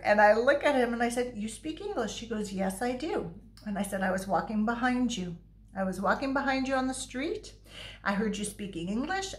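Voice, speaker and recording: A middle-aged woman from Canada telling a personal story in a casual vlog, quoting people and laughing as she goes. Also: mid-range voice. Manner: animated, laughing, quoting herself and others. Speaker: holistic therapist and vlogger.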